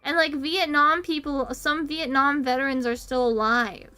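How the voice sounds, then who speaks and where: A woman's voice: high voice, steady tone, normal speed, pushed and bright, soft background music. A young woman from the United States, chatting casually on a stream. She rambles, giggles, swears casually and pokes fun at herself. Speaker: VTuber streamer.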